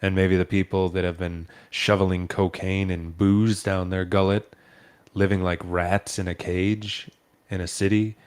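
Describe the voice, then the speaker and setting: A man's voice: low-pitched, little pitch movement, a little slow, a little mellow, clean tone. A man giving emphatic, opinionated views in a casual chat.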